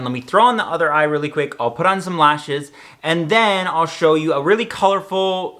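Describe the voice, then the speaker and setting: A man's voice: on the high side, sharp tone. A man talking through a makeup tutorial in a chatty, sassy way. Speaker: makeup vlogger.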